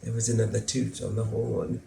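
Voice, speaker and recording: An actor playing a lonely, anxious middle-aged son who lives with his mother, telling his story slowly and drily in a theatre monologue. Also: lowish voice, little pitch movement, creaky, dark tone. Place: theatre stage. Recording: roomy theatre sound, faint hum.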